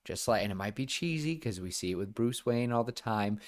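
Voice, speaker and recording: His voice sits on the low side with lively intonation, and he speaks briskly. He's a young man co-hosting a podcast, eager and rambling in a casual chat, often restarting and filling gaps with filler words.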